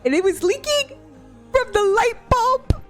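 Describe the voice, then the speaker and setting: A woman's voice: very high voice, a little slow, music in the background. A young woman streaming from home, chatting casually and often breaking into laughter and playful whining. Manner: giggly, excitable, lots of laughing and whining. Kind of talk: casual live-stream chat. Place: home room.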